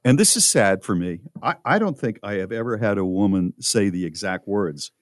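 An easygoing man co-hosting a chatty podcast, often repeating a word before a sentence gets going. His low voice swings widely in pitch, and the sound is close and dry with no room echo. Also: expressive, normal speed. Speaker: podcast co-host. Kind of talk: casual chat.

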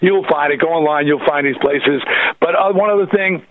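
A man talks with animated energy over a tinny, phone-like line. His voice sits a little high, and the sound is dry and close. He tells stories casually. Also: normal speed, dry recording. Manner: animated storyteller, plugs his record. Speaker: guest musician. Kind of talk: casual interview chat.

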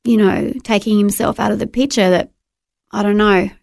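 A woman guest tells her own story in an earnest, heartfelt way, breaking off and restarting as she goes. Her voice has a gravelly, fry-laden texture. The sound is close and dry. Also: medium pitch, steady tone, moderate pace, a little mellow, no echo. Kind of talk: personal testimony interview.

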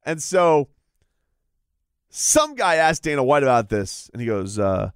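A man at medium pitch gives casual fight sports commentary and keeps restarting his sentences. The sound is dry and close, with no room echo. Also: very animated, unhurried, clear, resonant tone. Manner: rambling, repetitive restarts. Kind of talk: casual chat.

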